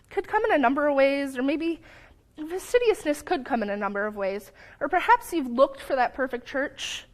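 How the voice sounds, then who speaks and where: A young woman giving a sermon in a church, earnest, sometimes stumbling over her words and apologizing, lively when telling a story. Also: high-pitched, normal speed. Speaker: lay preacher. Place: church sanctuary.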